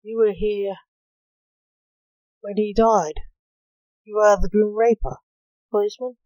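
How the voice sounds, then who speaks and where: A woman reading the lines of a blunt, impatient male policeman who demands quick answers. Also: medium pitch, steady tone, a little mellow, no echo, highs cut off, natural voice.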